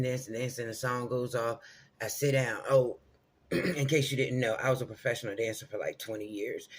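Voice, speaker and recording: A man's voice: medium pitch, fairly bright tone. A middle-aged man telling a personal story to camera in a casual, rambling way, often checking in with his listeners. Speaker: vlogger.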